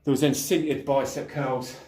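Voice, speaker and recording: A man's voice: mid-range voice, little pitch movement, a little slow, mellow, a little hiss or hum. Middle-aged man, breezy and chatty, a bit winded, recorded from a distance in a roomy space. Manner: chatty, breezy, mild swearing. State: out of breath between sets. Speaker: fitness vlogger. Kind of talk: casual workout vlog. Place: home gym at dusk. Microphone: camera set up at a distance. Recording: roomy sound from a distant camera.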